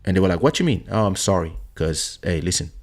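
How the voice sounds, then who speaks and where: Podcast guy telling his story, lively, does the voices, faint music behind. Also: low-pitched, fast. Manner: animated storyteller who acts out voices in quotes. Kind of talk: casual chat, personal storytelling. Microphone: studio podcast microphone.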